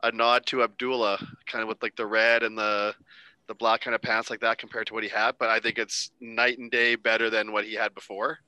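A man's voice: fairly low pitch, little pitch movement, brisk, sharp tone, clear, resonant tone, no room sound, poor audio. A man co-hosting a casual wrestling podcast, rambling and interrupting himself, laughing easily. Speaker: podcast co-host.

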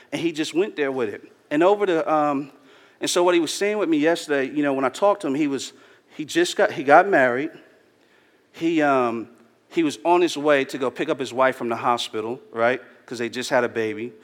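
A man's voice: a little high, normal speed. A man preaching a sermon in a casual, slangy, earnest storytelling way, addressing his church. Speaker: pastor. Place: church hall. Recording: long hall reverb.

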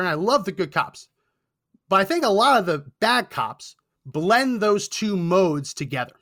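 A man's voice: high voice, fairly bright tone. A young man hosting a talk show, telling a story with indignant sarcasm. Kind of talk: storytelling commentary.

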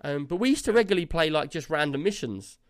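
A man's voice: a little high, expressive, fast talker, dry recording, studio quality. A man, co-hosting a casual gaming podcast and telling a long, rambling story full of fillers. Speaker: podcast co-host.

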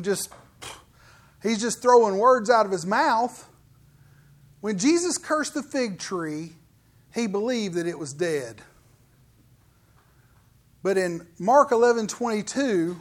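Emphatic, chatty preacher. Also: mid-range voice. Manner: emphatic, conversational asides. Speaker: pastor. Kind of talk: sermon.

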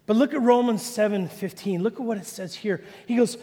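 A man preaching a sermon as pastor, animated, swinging from loud peaks to low quiet asides. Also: a little fast, few pauses. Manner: animated preaching, rising to shouts then dropping low. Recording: long reverb of a large hall.

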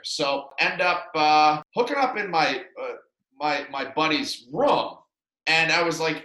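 A young man tells a long story in a casual, rambling way, full of fillers and self-deprecating asides. His voice is very bright and sits a little high. The room around him sounds echoey. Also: measured pace. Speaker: podcast co-host.

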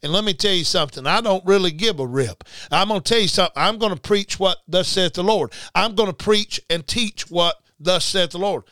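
A man's voice: sits high, fairly quick, hardly any pauses, bright, forceful tone, no echo. A man preaching a sermon, emphatic and repetitive, talking straight to his listeners. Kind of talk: livestreamed sermon.

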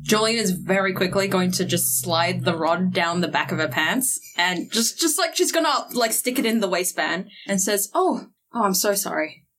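A woman's voice: lowish voice, lively intonation, moderate pace, hardly any pauses, a bit bright, low-quality recording. A woman playing a tabletop role-playing game, switching between narrating her character and sly, playful haggling. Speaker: player.

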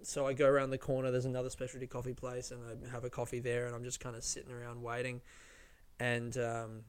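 A man's voice: medium pitch, monotone, quick pace, clear, resonant tone. A man telling a rambling, casual story to camera, swearing freely and mocking himself as he goes. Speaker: vlogger.

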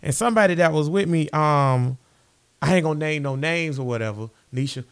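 A man co-hosting a sports podcast, speaking. His voice sits a little high. He tells stories in a relaxed, chatty way with easy filler words. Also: a little fast, clear, resonant tone. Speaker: podcast co-host. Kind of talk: casual sports podcast banter.

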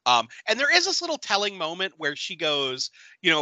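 A man with a high, lively voice recaps a film on a podcast, laughing as he goes. He acts out quoted lines along the way, and his sound is close and dry. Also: brisk, few pauses, dry recording. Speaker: podcast co-host. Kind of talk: casual comedic film recap.

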